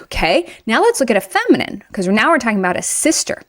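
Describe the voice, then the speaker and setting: A woman teaching a Russian grammar lesson in a chatty, emphatic way, slowing down to read example sentences. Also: on the high side, very animated, a bit bright. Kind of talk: online language lesson.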